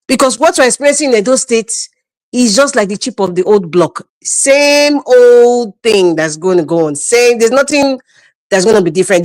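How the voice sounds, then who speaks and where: A woman's voice: on the high side, no room sound. A woman with a Nigerian accent giving scolding, mocking political commentary on a livestream, laughing often.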